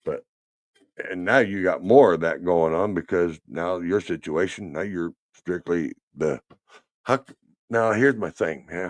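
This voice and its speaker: Trucker guy, low voice, teasing and rambling, dry recording. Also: dry recording. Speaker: trucking podcast host. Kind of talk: casual chat while driving. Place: truck cab on the road.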